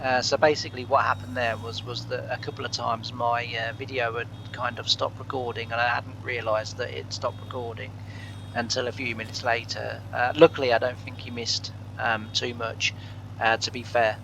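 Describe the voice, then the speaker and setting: A man's voice: mid-range voice, level tone, normal speed, creaky, background noise. A man hosting a farming game let's play from his living room, chatting casually with lots of fillers and chuckles. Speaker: gaming channel host.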